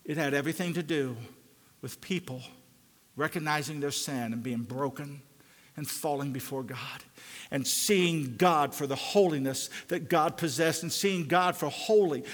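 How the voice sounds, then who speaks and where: An older man preaches a sermon with a somewhat high voice. His delivery rises into loud, fervent climbs and drops to hushed, low pleading. A long reverb from the hall trails after his words. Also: normal speed.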